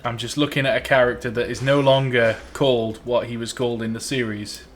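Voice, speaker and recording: A man's voice: mid-range voice, flat delivery, fairly quick. A Welsh man hosting a live stream, chatting casually in a rambling, jokey way and reading out viewer comments. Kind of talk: casual live-stream chat while playing. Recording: noisy background.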